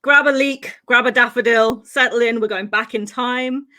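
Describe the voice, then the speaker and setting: A woman's voice: on the high side, fairly even intonation, moderate pace, bright, forceful tone. A woman from Wales, co-hosting a podcast and telling a true-crime case in a chatty style, laughing easily and using many ums. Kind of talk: casual true-crime storytelling.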